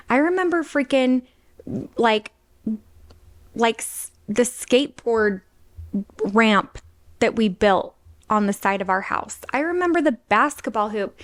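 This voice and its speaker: A woman's voice: on the high side, no echo. A young woman hosting a podcast, telling a personal story in a chatty way, full of fillers and little laughs. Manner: chatty, filler-heavy, with frequent laughs and intensifiers. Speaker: podcast host.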